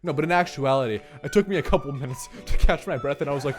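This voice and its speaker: A young man telling a comic story from his childhood, animated and sweary, with lots of exaggeration. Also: medium pitch, quick pace, music in the background.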